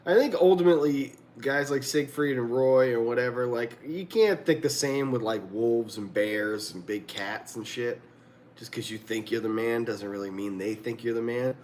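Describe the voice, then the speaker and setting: Broadcasting a livestream from his home, this host speaks at a moderate pace in a medium, slightly mellow voice over faint background noise. His casual talk wanders, is full of profanity, and is broken up by frequent laughter.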